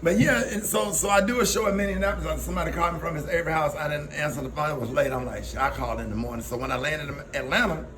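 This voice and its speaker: A middle-aged man with a Southern accent from Alabama, a comedian telling a personal story in a casual, animated way, often laughing and acting out the people he quotes. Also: a little high, very fast, hardly any pauses, noisy background.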